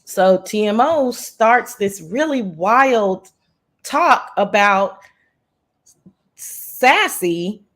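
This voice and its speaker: A woman's voice: mid-range voice, expressive, very slow, a bit bright. A woman guest recounting online drama in casual chat, blunt and profane, openly irritated. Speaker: guest and live-chat moderator.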